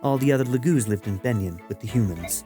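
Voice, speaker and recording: A man's voice: medium pitch, lively intonation, fast talker, dark tone, soft background music, close to an everyday voice. A man doing a scornful cat-beast warrior woman. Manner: dry, scoffing.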